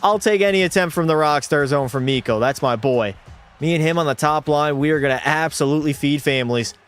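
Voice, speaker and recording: A young man streaming a hockey video game live, commentating excitedly, swearing and chatting with viewers. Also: a little high, fairly quick, clear, resonant tone, soft background music.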